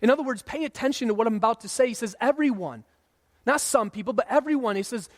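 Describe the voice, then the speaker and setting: A pastor in his thirties delivers a sermon in a church sanctuary, speaking in a relaxed, conversational style and sometimes acting out what people say. His voice is very high and fast, and the recording carries a long hall reverb.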